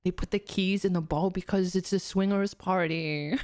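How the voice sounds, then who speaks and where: Woman, VTuber streamer, giggly, rambling, deep-pitched, dry recording. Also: steady tone, normal speed, a little mellow, dry recording. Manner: giggly, laughs often, rambling with fillers. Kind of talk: casual watchalong commentary.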